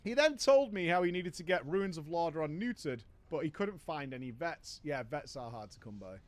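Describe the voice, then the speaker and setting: A man's voice: fairly high pitch, sing-song, moderate pace. A man telling a comic story from an online game, wry and exasperated. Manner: wry, exasperated, often laughing. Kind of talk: comic gaming story narration.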